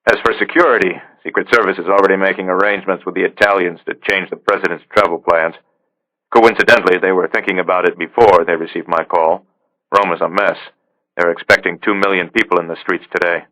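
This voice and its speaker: A male narrator voicing a weary middle-aged spy chief who speaks in a measured, dry manner. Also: low voice, fairly even intonation, pushed and bright, rough recording.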